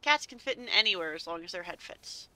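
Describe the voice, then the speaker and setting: A woman's voice: on the low side, expressive, a little fast, bright, forceful tone, no room sound. A woman playfully commenting on a game as she plays, seated and chatting to herself. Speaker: gaming channel host. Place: seated at home.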